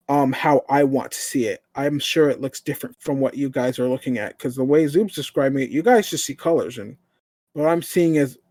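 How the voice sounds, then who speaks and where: A man's voice: medium pitch, a little mellow, no echo. Man thinking aloud at a game table. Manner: thinks aloud, hesitant restarts. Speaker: player. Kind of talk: casual tabletop play.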